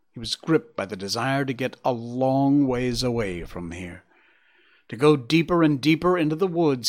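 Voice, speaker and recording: A man narrating a storybook with a lively, widely moving voice of middling pitch. He reads in a measured, expressive way, leaning into the scenes.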